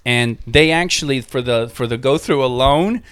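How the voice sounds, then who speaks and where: A man co-hosting a casual chat, telling an animated story and acting out what people said. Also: medium pitch, moderate pace, clean tone, no room sound. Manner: animated storyteller, acts out quotes.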